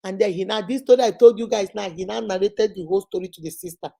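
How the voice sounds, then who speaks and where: A woman's voice: medium pitch, fast, creaky, mellow. A middle-aged Nigerian woman hosting a casual vlog, telling stories with laughter and rhetorical questions. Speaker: host.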